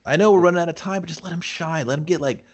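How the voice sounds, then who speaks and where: A man's voice: a little high, rapid-fire. A man ranting casually about a movie as a podcast host, swearing heavily and laughing. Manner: ranting, profane, laughs often, mock voices.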